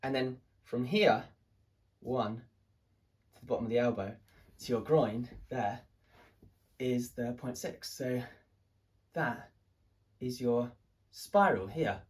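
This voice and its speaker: A husky-voiced speaker tells a personal story in a loose, rambling way. The delivery is hesitant, with fillers and restarts, and carries an excitable sense of wonder at mid pitch. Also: takes it slowly, long pauses. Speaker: artist telling a personal story.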